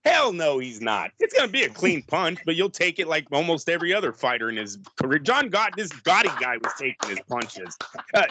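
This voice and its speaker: A man co-hosting a boxing podcast, chatting casually and laughing through animated, rambling retellings. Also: fairly high pitch, a little fast. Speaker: podcast co-host.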